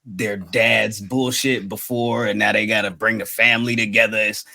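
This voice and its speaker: A man with a fairly low voice hosts a casual podcast chat. He talks in a loose, slangy way and keeps looping back to the same tag phrases. The delivery is relaxed, like talking with friends. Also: normal speed, vocal fry, no echo. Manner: laid-back slangy talk, repeats "you feel me". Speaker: podcast host.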